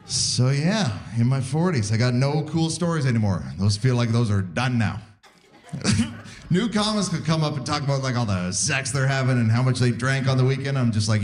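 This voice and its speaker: A man's voice: mid-range voice, lively intonation, a little hiss or hum. A man in his forties doing a self-deprecating stand-up set before a live crowd. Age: 40s. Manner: self-deprecating, acts out quick voices of others. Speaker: stand-up comedian. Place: live comedy theatre stage. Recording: live stage recording with crowd. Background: audience laughter.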